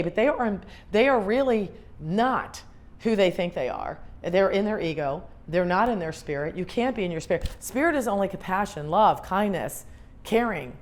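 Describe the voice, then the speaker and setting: A woman's voice: medium pitch, animated, moderate pace. A middle-aged woman, a grief specialist, giving an earnest motivational talk to an audience, repeating her questions for emphasis.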